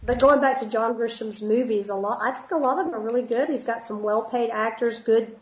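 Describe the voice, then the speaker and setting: A woman's voice: on the high side, brisk. A woman with a Southern US accent, a middle school teacher co-hosting a casual chat in a frank, easygoing way. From South Georgia, US. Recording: roomy, dull lo-fi sound.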